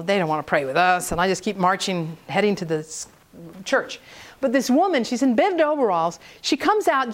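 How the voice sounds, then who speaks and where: Woman, high voice, animated storyteller, acts out the people she quotes. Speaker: speaker on prayer ministry. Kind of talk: storytelling talk.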